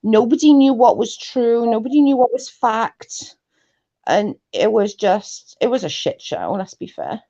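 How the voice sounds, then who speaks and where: Slow-talking chatty woman, high voice. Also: animated, warm tone. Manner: chatty, laughs often, rambling storytelling. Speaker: guest co-host. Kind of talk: casual livestream chat. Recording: muffled lo-fi stream audio.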